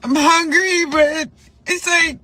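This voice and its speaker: A woman's voice: extremely high pitch, fairly even intonation, slow, pushed and bright, no room sound. A woman boxer talking earnestly in a vlog clip, rambling and repeating herself. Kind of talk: emotional vlog confession.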